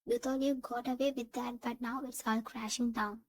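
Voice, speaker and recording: A woman reading second-person fan fiction narration in an even, steady way. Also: a little high, moderate pace, dry recording, poor audio.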